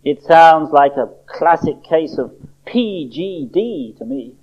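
Reader playing a kindly old-school doc, reassuring, bouncy pitch, dull audio. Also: wildly swooping pitch, moderate pace, husky. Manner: grave, reassuring. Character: kindly fatherly male doctor. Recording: dull lo-fi recording.

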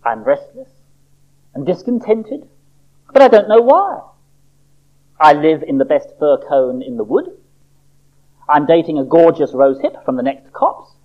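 Reader doing a jumpy high little seed guy, begging and excited, muffled audio. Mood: restless. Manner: excitable, pleading. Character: anxious restless young male seed. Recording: dull lo-fi recording.

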